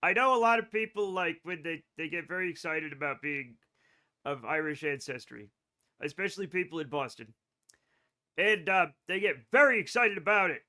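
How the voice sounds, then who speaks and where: A man with a bright, somewhat high voice chats casually through a live game stream. He rambles from topic to topic, addresses his chat directly and swears without fuss. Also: moderate pace. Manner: rambling, chatty, swears freely, talks to chat.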